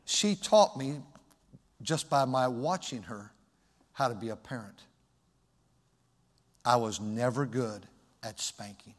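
A man preaching a sermon as a pastor, loud and emphatic, in a plain conversational way. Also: mid-range voice, slow, pauses often, in a large hall.

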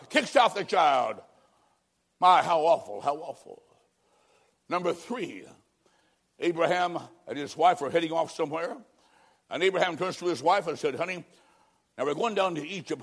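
High-voiced man preaching with dramatic swings. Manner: dramatic swings from loud to hushed. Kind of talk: evangelistic sermon.

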